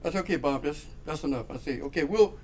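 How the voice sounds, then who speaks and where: A man's voice: a little high, fast, husky. A man telling a long funny story in casual chat, acting out the voices of the people in it and laughing often. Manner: animated, acts out quoted voices, laughs often. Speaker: guest storyteller.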